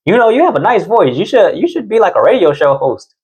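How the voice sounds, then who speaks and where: Friendly female pastry driver, high and offhand, put on by a male storyteller. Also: big pitch swings, fast, darkish tone, slightly rough. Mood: admiring. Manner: offhand, complimenting.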